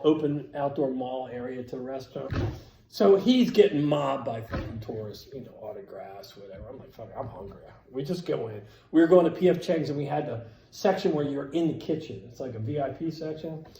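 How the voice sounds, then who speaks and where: A man's voice: mid-range voice, echoey room, low-quality recording. A man telling a story casually and with energy, cursing freely and acting out the lines of the people in it. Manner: animated, profane, acts out quotes loudly. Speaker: storyteller at a skate event.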